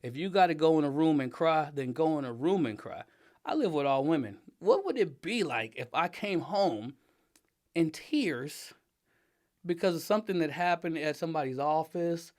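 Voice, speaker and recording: A middle-aged man talking casually as an interview guest, emphatic and animated, laughing often and getting loud when riled up. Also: a little high, moderate pace. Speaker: interview guest, father and design director.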